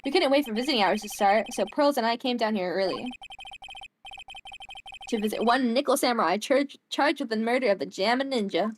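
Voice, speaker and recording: A woman's voice: a little high, brisk, slight background noise, lightly acted. A woman reading as an earnest young lawyer. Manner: polite, earnest, explaining. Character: young male defense lawyer, polite and earnest.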